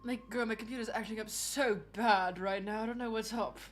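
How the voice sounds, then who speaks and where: A woman's voice: a little high, steady tone, fairly quick, faint music behind. A young woman streaming, chatting casually and reading chat aloud, saying "like" a lot and laughing often.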